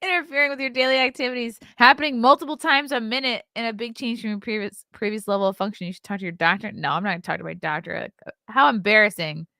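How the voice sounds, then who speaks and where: A woman in her thirties chats casually as host of her own livestream, reading bits aloud and reacting as she goes. Her voice has a gravelly fry in it. The sound is dry and close, with no room around it. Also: on the high side, quick pace, bright, forceful tone, no room sound. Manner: chatty, reads aloud and reacts, yawning. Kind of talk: casual solo livestream chat.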